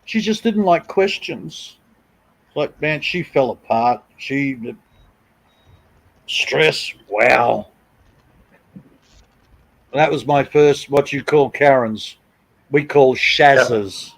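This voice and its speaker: A man's voice: mid-range voice, animated, slow pace, gravelly, long pauses, poor audio. A middle-aged man, chatting on a live stream in a blunt, crude, mocking way. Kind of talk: casual chat.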